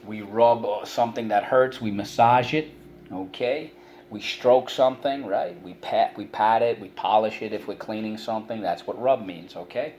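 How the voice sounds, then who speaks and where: A man's voice: lowish voice, normal speed, darkish tone, dull audio, a little hiss or hum. A middle-aged male teacher giving a spelling and vocabulary lesson to children, patiently explaining each word with many examples.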